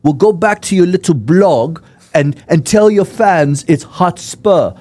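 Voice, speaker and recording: A man voicing a drunk, irritable male English football fan with an English accent, shouting indignant corrections. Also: high-pitched, animated, a little slow, voice pushed up.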